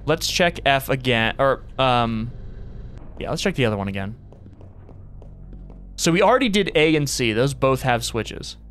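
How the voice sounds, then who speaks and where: A man streaming a horror game, thinking aloud to himself and reacting in a jumpy, excitable way. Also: medium pitch, unhurried, long pauses, faint music behind. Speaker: gaming streamer. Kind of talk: let's play commentary.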